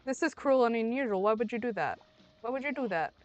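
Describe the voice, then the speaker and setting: A young woman streaming a video game, talking to it as she plays, pleading, yelling and swearing freely. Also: on the high side, lively intonation, fast talker, no echo, muffled recording. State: under the weather. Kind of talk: casual gameplay commentary. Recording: dry close mic with faint game music.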